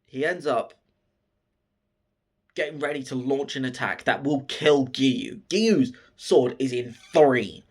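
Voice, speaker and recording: Man, casual film recap, swears freely, slow delivery. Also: mid-range voice, slightly rough. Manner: profane, excited storytelling. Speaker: film reviewer.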